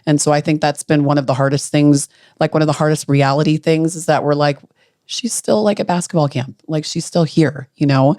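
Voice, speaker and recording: A middle-aged woman, a grieving mother, recalling a painful day in halting, earnest speech with frequent restarts. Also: low voice, level tone, dark tone, no echo, clean studio sound. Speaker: grieving mother, podcast guest. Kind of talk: emotional personal recollection.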